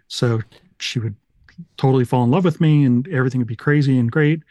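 A man's voice: mid-range voice, fairly quick, dark tone, dry recording, clean studio sound. A middle-aged man from Utah, a podcast guest, telling his life story in a rambling, self-deprecating, casual way. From Utah, USA. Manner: rambling, self-deprecating, fond of 1980s references.

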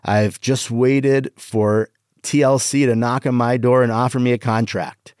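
A man's voice: medium pitch, level tone, unhurried, a little mellow, dry recording, clean studio sound. Man hosting a casual comedy podcast. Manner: reads jokes aloud with exaggerated rising punchlines. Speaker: podcast host. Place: Las Vegas.

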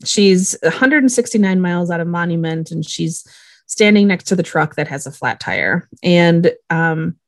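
A woman's voice: fairly low pitch, lively intonation, normal speed, vocal fry, no room sound. A woman co-hosting a casual podcast, talking expressively and laughing easily. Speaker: podcast co-host. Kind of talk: casual chat.

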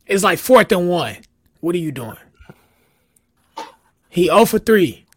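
A man's voice: sits high, very animated, slow pace, breathy edge, no room sound, studio quality. Playful man hosting sports banter. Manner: playful, laughs often, poses questions. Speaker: podcast co-host. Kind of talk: casual sports chat.

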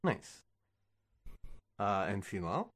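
A man's voice: fairly low pitch, very animated, slow, a bit bright, slightly rough. A man co-hosting a casual podcast, playful and teasing with his co-host and guests.

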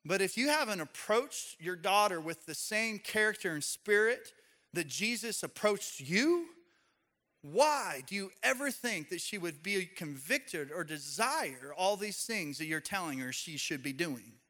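A man preaching a sermon, an animated storyteller who speaks straight to his congregation. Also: sits high, unhurried. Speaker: pastor.

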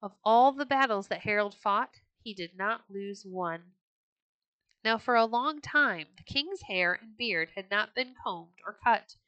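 A woman storyteller giving scripted storybook narration in a clear, steady reading voice. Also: medium pitch, measured pace, no room sound, highs cut off.

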